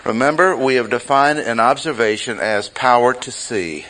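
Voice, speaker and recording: A man teaching a Bible study class, speaking deliberately and repeating key phrases for emphasis. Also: mid-range voice, sharp tone, low-quality recording.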